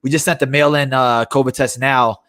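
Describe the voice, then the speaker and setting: A man co-hosting a casual podcast, talking in a relaxed, loose way. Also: medium pitch, a little fast. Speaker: co-host, fighter.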